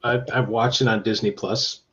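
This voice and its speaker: A man's voice: on the low side, steady tone, moderate pace, a bit bright, dull audio. A man co-hosting a casual podcast chat, giving blunt, laid-back opinions. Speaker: podcast co-host.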